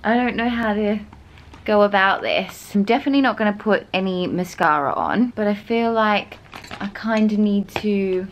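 A woman's voice: medium pitch, normal speed, slight background noise. A young Australian woman chatting casually to camera in a bubbly, giggly way from a small indoor room. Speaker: vlogger. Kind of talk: casual vlog chat.

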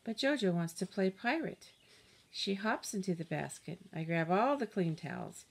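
A woman reading a children's picture book aloud in an expressive, animated storytelling voice. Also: medium pitch, normal speed, vocal fry. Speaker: storybook reader.

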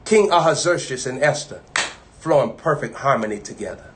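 A man preaching an informal live-streamed sermon, talking conversationally and repeating himself, moving from loud bursts to low asides. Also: lively intonation, normal speed, slight background noise.

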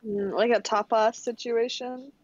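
A woman with a fairly high voice chats on a live stream, teasing the others and laughing often. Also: steady tone, a little slow, no echo, lo-fi sound. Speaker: voice chat guest. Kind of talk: casual stream chat.

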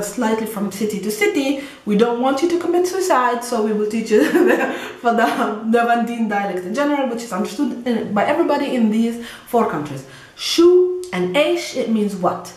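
Lively, high-voiced Palestinian woman teaching. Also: roomy sound. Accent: Palestinian Arabic. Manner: lively, drawn-out demonstration phrases with playful asides. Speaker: Arabic teacher. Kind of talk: online language lesson.

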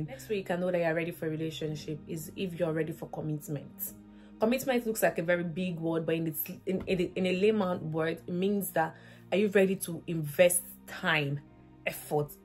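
A woman's voice: fairly low pitch, a little mellow, husky. A woman vlogger giving faith-based relationship advice, earnest and emphatic, repeating her points as rhetorical questions.

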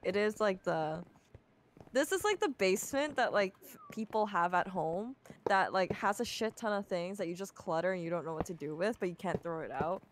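A woman's voice: mid-range voice, expressive, normal speed. Playful teasing woman from Canada. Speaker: co-streamer. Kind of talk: casual gaming chat. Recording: noisy stream audio.

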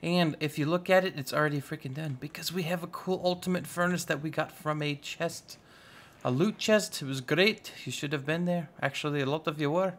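A young man giving casual, goofy let's-play commentary, chatting excitedly with his viewers. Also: on the high side, brisk. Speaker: gaming YouTuber.

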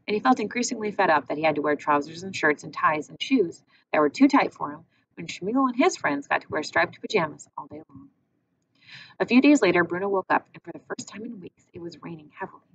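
A woman narrating an audiobook in a measured, expressive reading. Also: fairly low pitch. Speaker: audiobook reader. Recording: muffled with faint hiss.

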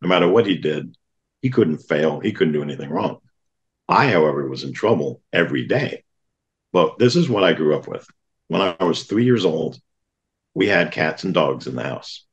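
Middle-aged male guest, deep and gravelly, earnest plain storytelling. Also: animated, normal speed, lo-fi sound. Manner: earnest, plainspoken recounting of childhood memories. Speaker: podcast guest. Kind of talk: storytelling in an interview.

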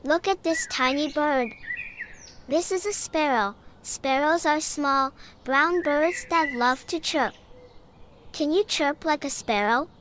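A woman narrating a scripted children's lesson in a bright, encouraging way, often asking the listener to join in. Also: high voice, slow pace, slight background noise.

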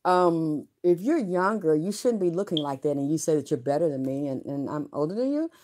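A middle-aged woman with a notably low, deep voice talks straight to her viewers. Her storytelling is candid and loose, wandering from point to point with blunt, salty words. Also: expressive, a little fast, mellow, a little hiss or hum. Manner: frank, rambling, salty, with profanity. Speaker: vlogger.

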